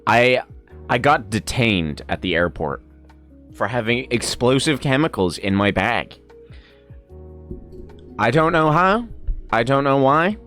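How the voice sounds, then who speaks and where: A young man with an American-sounding accent chats on a stream in a loose, storytelling way. His voice swings widely up and down as he laughs and swears. Soft music plays faintly behind him. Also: medium pitch, slow, long pauses. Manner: laughing, animated, swears freely. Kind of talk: casual storytelling chat.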